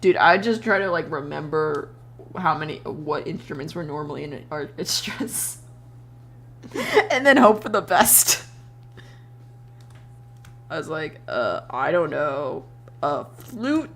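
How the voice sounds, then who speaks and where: A young adult woman chats casually on stream as she draws, her voice sitting a little low. She tells lively anecdotes, acts out what people said, laughs often and swears freely. A faint hum runs underneath. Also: slow, pauses often. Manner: animated storytelling with voiced quotes. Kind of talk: casual chat while drawing on stream.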